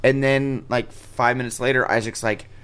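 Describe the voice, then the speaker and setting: A touring comedian on a podcast, telling stories animatedly and acting out the dialogue in casual chat. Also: male voice, mid-range voice, steady tone, normal speed, fairly bright tone, slight background noise.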